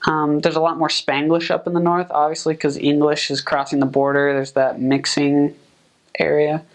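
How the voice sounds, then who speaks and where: A young man, a returned missionary, giving relaxed, chatty advice full of fillers. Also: fairly high pitch, normal speed. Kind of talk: casual advice talk.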